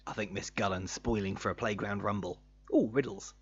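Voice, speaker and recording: A man's voice: on the low side, brisk. A man reading old rhymes aloud from a book, breaking off for dry, sardonic asides. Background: music.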